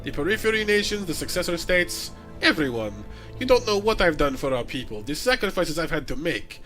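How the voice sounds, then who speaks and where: A sneering noble villainess speaks with a mock Russian accent, as a man puts her on. Her threats come out bright and forceful, grand and theatrical. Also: on the high side, big pitch swings, brisk, soft background music. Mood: sneering menace. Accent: vaguely Russian, put on. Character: cold scheming female villain, noble cousin.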